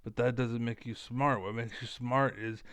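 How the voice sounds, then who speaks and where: A self-assured man rambles bluntly to his audience, circling back and restating his points. His voice is smooth and clean. The sound is dry and close, with no room around it. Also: medium pitch, steady tone, moderate pace, a bit bright, dry recording. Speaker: online commentator. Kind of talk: casual monologue to camera.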